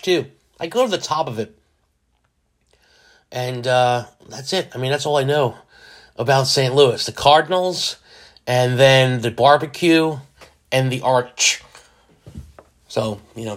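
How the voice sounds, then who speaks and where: A man's voice: medium pitch, normal speed, a bit bright. A man hosting his own podcast, talking casually and joking, acting out little imagined conversations. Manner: chatty, jokey, acts out little imagined dialogues. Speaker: podcast host. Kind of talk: casual solo podcast monologue.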